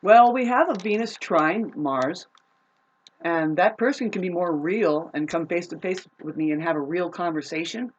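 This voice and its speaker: A woman ranting to camera in a profane, rambling, confrontational way, swinging between loud outbursts and low muttering. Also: moderate pace, dull audio. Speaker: vlogger. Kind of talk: unscripted rant to camera.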